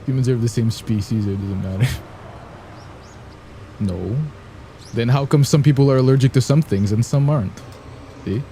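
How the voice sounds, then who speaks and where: Mellow-voiced joking young man. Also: moderate pace, pauses often, a little hiss or hum. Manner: playful and joking, sings snatches of songs badly on purpose; laughs often, gets loud and high when amused. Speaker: streamer reacting to videos. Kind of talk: casual chat to viewers.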